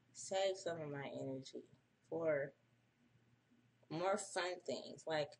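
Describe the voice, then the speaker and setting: A woman's voice: low-pitched, gravelly, slight background noise. A woman hosting a casual early-morning livestream, profane and chatty, reading an article aloud and breaking off for her own asides. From United States. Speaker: livestream host.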